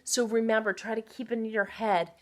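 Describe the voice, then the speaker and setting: A woman's voice: on the high side, little pitch movement, moderate pace. A woman teacher giving a recorded phonics lesson to children, patiently sounding out words and encouraging them.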